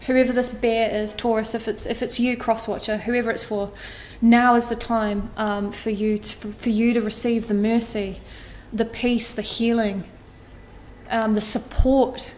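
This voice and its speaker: This tarot reader delivers an astrology reading monologue to her viewers, emotional and sincere, repeating phrases and swearing casually. Her fairly high, slightly mellow voice stays level and unhurried, with slight background noise.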